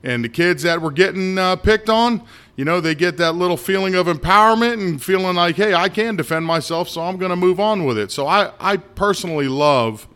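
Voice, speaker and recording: A man's voice: mid-range voice, a bit bright, smooth. A middle-aged man from the United States hosting a casual solo podcast, blunt and ranting, with many asides and restarts. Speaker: podcast host.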